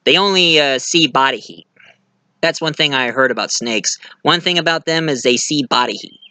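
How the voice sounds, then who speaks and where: A man's voice: on the high side, moderate pace, pushed and bright, smooth, no room sound. A man giving a casual movie review, retelling the plot in a rambling way with fillers and restarts.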